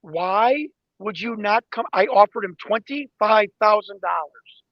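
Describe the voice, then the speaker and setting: A man telling an investigation story in an interview, excited and acting out the exchanges he quotes. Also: high-pitched, measured pace, dry recording, muffled recording. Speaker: guest investigator. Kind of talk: animated interview talk.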